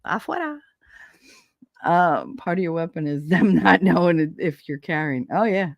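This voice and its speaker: A woman's voice: low-pitched, moderate pace, vocal fry, no echo. A woman hosting a live stream in casual chat, telling profane stories and laughing often. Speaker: streamer host.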